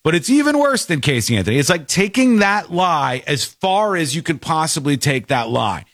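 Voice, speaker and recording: A man's voice: fairly high pitch, normal speed, dry recording, studio quality. A man hosting a casual talk show, telling stories animatedly and acting out the people he quotes. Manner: animated storyteller, acts out quotes. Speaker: podcast host. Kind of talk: casual chat.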